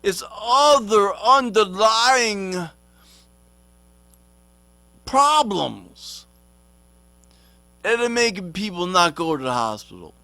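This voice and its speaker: Guy ranting slow n profane, lots of slang, talks bout himself in third person. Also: high voice, sharp tone, clear, resonant tone, dry recording. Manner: rambling, street slang, swears a lot. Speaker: vlogger. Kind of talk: profane comic rant.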